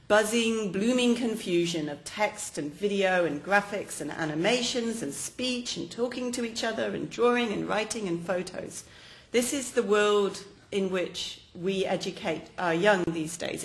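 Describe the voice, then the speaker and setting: A woman from England with an English accent, giving a lively, joking academic lecture in a hall. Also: mid-range voice. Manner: fast, lively and jokey with the audience. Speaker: guest lecturer.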